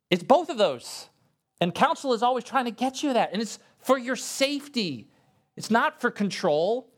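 Preaching earnestly to his congregation, a male pastor talks to them plainly and conversationally. For emphasis he lifts his voice, with abrupt climbs in both pitch and pace.

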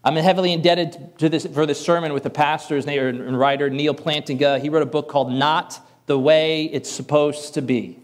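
Man, preacher, sermon, fairly high voice, casual and self-deprecating. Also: fairly even intonation, normal speed, hardly any pauses. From Northern US. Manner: conversational, self-deprecating humor.

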